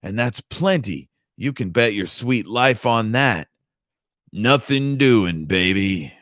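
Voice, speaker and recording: A man's voice: fairly low pitch, expressive, slow, a bit bright, no room sound, clean studio sound. A man reading aloud, voicing a crude, swaggering male official who boasts and leers. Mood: boastful. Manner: brash, leering, boastful. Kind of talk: audiobook reading with character voices.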